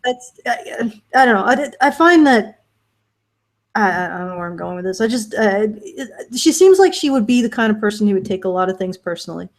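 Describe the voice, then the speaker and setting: A woman's voice: medium pitch, animated, a little fast. A woman co-hosting a casual podcast discussion, wry and argumentative in a frank way. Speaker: podcast co-host.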